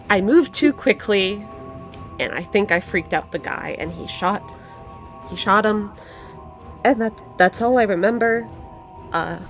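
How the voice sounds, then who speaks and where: A woman voicing a shaken young man who stumbles through a guilty, halting account. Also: mid-range voice, fairly bright tone. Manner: halting, stumbling, full of restarts.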